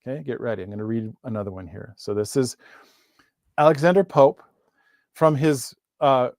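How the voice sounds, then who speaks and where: A man teaching a live online literature class in a casual, chatty way, often correcting himself and reading verse slowly to stress its rhythm. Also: mid-range voice, a little mellow, no room sound, studio quality.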